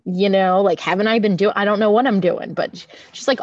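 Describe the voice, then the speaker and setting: A woman's voice: mid-range voice, fairly even intonation, a little fast, hardly any pauses, darkish tone, no room sound, lo-fi sound. A woman telling her recovery story in a candid, chatty, self-deprecating way, acting out the voices of the people she quotes. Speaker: recovery group speaker. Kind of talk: personal recovery share.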